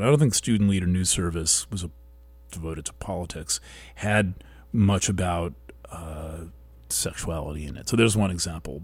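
A man hosting a weekly show, talking in a slow, thoughtful monologue that halts and restarts as he searches for words. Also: low-pitched, darkish tone, breathy edge, no echo. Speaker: host. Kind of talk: reflective monologue.

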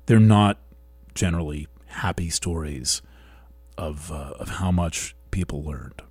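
Pausing and restarting as he thinks, a man with a lowish, slightly rough and a little mellow voice speaks slowly in a reflective monologue. He comes across as the host of a weekly talk show, recorded close and dry without echo.

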